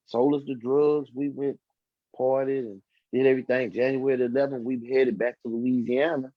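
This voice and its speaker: A man's voice: mid-range voice, steady tone, normal speed, no room sound. A man telling his life story on a podcast, acting out the voices of the people in it. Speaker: podcast guest. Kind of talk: casual storytelling testimony. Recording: dull lo-fi dry sound.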